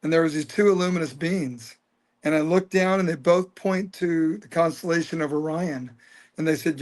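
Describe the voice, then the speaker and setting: A man in his fifties telling a personal story as an interview guest, earnest and animated. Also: on the high side, normal speed. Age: 50s.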